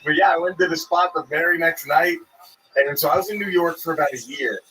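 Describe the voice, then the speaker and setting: A man's voice: fairly high pitch, brisk, sharp tone, slight background noise, poor audio. A man from Texas, a stand-up comedian, telling stories in a rambling, profane casual chat.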